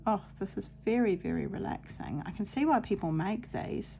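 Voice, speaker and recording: Woman, middle-aged, gravelly creaky voice, chatty crafting vlog, cheerful and laughing, sewing at home. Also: mid-range voice, lively intonation, normal speed, mellow, a little hiss or hum. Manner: cheerful, laughs often, muses aloud. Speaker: craft vlogger. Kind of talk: chatty storytelling while sewing.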